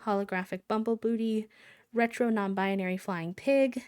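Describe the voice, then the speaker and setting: A woman's voice: medium pitch, moderate pace, a little mellow, clear, resonant tone, no room sound. Playful woman streamer, dry close sound. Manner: playful, chatty, sing-song countdowns. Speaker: live streamer. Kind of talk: casual live-stream chat.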